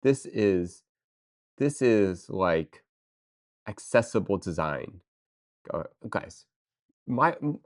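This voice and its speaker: A woman chatting casually with her viewers on a live stream, excitable and playful, talking straight to chat. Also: a bass voice, slow, pauses often. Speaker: livestreamer.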